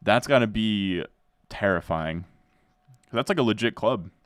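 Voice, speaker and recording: Deep-voiced laid-back guy. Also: expressive, unhurried, dry recording, clean studio sound. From New Jersey. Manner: laid-back, says "dude" a lot, answers chat as he goes. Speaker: fantasy football streamer. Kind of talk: casual live-stream chat while drafting.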